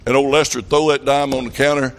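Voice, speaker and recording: A middle-aged man preaching a revival sermon, telling folksy stories in a plain country way and rising to loud shouted passages. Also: mid-range voice, little pitch movement, fast talker.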